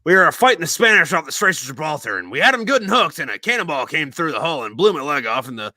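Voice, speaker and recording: A man voicing a crusty old male pirate who loudly boasts about his battles and lost limbs. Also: fairly high pitch, very animated, quick pace, no room sound, pitched above the performer's own voice, exaggerated voice. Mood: boastful.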